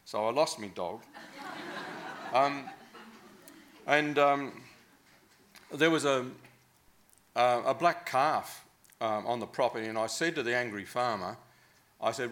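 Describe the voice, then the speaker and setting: A man's voice: mid-range voice, takes it slowly, long pauses, a bit bright. An Australian man telling a long, casual anecdote, rambling and hesitant with many fillers.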